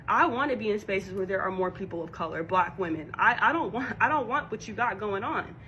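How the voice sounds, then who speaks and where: A woman's voice: mid-range voice, a little fast, a little hiss or hum, rough recording. A woman casually retelling a confrontation, animatedly acting out the dialogue. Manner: animated, acts out quoted dialogue. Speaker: storyteller recounting a confrontation. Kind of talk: casual storytelling clip.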